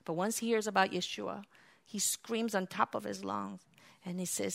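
A woman's voice: mid-range voice, steady tone, normal speed, vocal fry. A woman preaching a sermon, with conversational asides full of fillers, swelling into impassioned cries as she acts out scripture. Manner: impassioned, rising to loud cries when acting out scripture.

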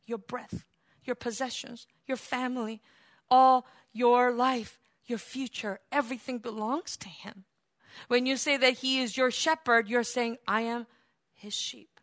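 A woman preaching a fervent sermon, leading the congregation in call-and-response and rising to loud cries of praise. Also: high-pitched.

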